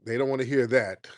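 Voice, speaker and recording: A man's voice: mid-range voice, no room sound. Male host, combative and mocking, dry close sound, mid-range voice. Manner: combative, mocking, rapid-fire insults. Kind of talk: live call-in stream debate.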